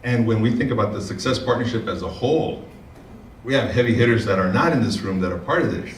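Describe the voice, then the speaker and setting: A man speaking at a conference, telling a story and using fillers and repeated words in a relaxed way. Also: on the low side, quick pace, slight background noise. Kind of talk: keynote talk with storytelling. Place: large conference room. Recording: echoey room, speaker far from mic.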